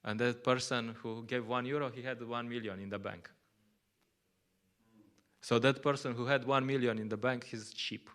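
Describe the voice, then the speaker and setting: A man's voice: mid-range voice, steady tone, normal speed, fairly bright tone. A man with Slovenian as his first language giving a conversational scripture class in English, often laughing and acting out little quotes. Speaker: lecturer at a temple.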